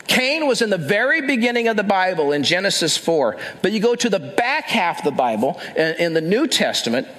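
A man's voice: sits high, a bit bright. A man preaching a sermon in a conversational way, asking the audience rhetorical questions and acting out imagined quotes. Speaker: pastor.

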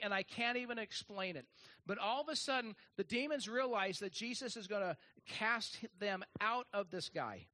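A man's voice: sits high, sharp tone. A man preaching a sermon, folksy and joking, with many restarts and fillers. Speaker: pastor.

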